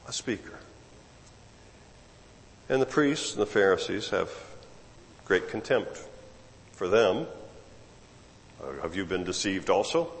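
A male preacher gives a sermon in an easy, conversational way, often repeating words as he builds a point. His pitch swings widely and stays animated. The voice echoes with the long reverb of a large hall.

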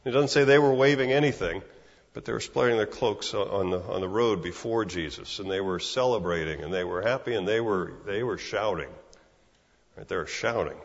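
A man's voice: fairly low pitch, normal speed, big-room sound, lo-fi sound. A man preaching a sermon in a conversational way, often repeating words and asking "right?". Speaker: pastor.

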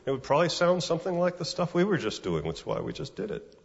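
A man's voice: fairly high pitch, big pitch swings, fast talker, creaky, long reverb tail, lo-fi sound. A man preaching a sermon in a conversational way, often repeating words and asking "right?". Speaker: pastor.

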